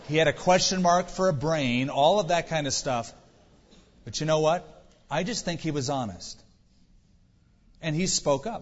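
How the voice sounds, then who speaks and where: A male pastor preaches conversationally, asking rhetorical questions and dropping dry jokes. His voice is husky and mid-pitched. The recording sounds dull and lo-fi, with long reverb from a large hall. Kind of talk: sermon.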